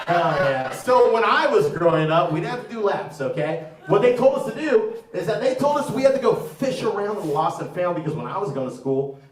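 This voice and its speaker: Comic in his thirties, from Florida, high and brash, crude crowd work, roomy stage sound with a live crowd. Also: sing-song, fairly quick. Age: 30s. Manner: brash, crude, swings to loud shouting. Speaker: stand-up comedian. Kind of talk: stand-up set with crowd work. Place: comedy theater stage before a live audience. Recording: roomy, far-off mic, crowd noise.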